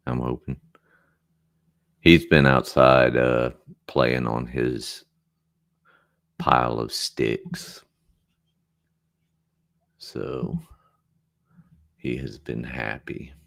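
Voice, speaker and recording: A man's voice: rumbling low, flat delivery, extremely slow, vocal fry, pauses often, fairly bright tone. A man hosting a casual livestream from a room at home. He talks in a distracted, apologetic way while he fixes his audio setup. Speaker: livestream host.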